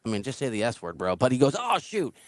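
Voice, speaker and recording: A man hosting a casual podcast who tells stories in a lively way, laughs often and acts out the people he quotes. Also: fairly low pitch, rapid-fire, no echo. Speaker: podcast host. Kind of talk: casual storytelling chat.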